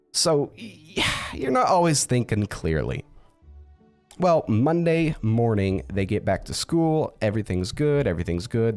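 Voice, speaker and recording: A man's voice: on the low side, darkish tone. A man casually telling a story, chatty with fillers.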